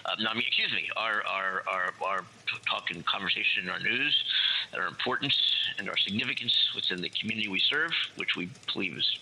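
This American man has a low, gravelly voice with a strikingly bright, forceful edge. He rambles playfully through his talk-show chat, making asides and jokes. A faint hiss of background noise sits under his voice. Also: brisk, poor audio. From USA. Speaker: radio co-host. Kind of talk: casual talk radio chat. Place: home studio, alone.

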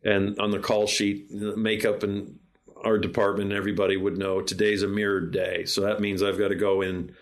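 A man's voice: fairly low pitch, little pitch movement, moderate pace. A man, a film director guest, telling long behind-the-scenes anecdotes in a casual interview, often restarting his sentences. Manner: rambling anecdotes with many restarts.

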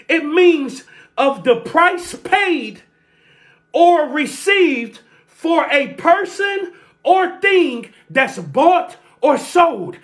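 A preacher delivering a sermon, repeating key phrases, calling for responses and shouting at the peaks. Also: high-pitched. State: sweating.

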